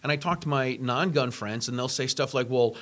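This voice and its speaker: A man's voice: mid-range voice, brisk, fairly bright tone. A man in his fifties on a podcast, talking emphatically in casual chat and quoting his conversations. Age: 50s. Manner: emphatic, quotes himself and others. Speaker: podcast co-host.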